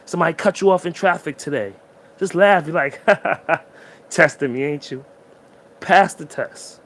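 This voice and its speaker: Emotional man preaching encouragement, fairly high voice. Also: slight background noise. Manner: emotional and preachy, addresses the listener directly. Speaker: motivational speaker. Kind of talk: motivational monologue.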